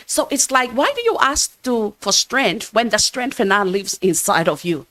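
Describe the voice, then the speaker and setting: A woman's voice: fairly high pitch, expressive, moderate pace, hardly any pauses, a bit bright, dry recording. A woman preaching a sermon at a church service, earnest and emphatic, often restarting her phrases. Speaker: church minister.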